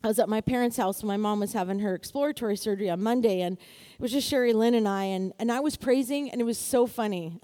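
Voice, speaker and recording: High-voiced lively woman preaching. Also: fast. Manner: lively, exclaiming, calls for amens. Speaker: pastor. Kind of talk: sermon.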